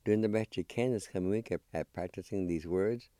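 Speaking a little quickly in a low, warm voice, this man runs a spelling and pronunciation class as a language teacher. The studio-quality audio has no echo, and he sounds out each syllable with patience while encouraging his students.

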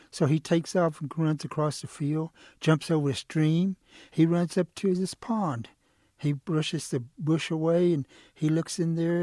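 A man telling a folk tale as a storyteller, relaxed and lively with fillers. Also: fairly high pitch, no room sound, clean studio sound.

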